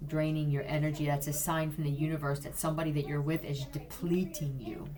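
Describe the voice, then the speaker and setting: A woman giving a blunt, profane psychic reading, talking straight to the viewer in a casual way. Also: sits low. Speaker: psychic reader.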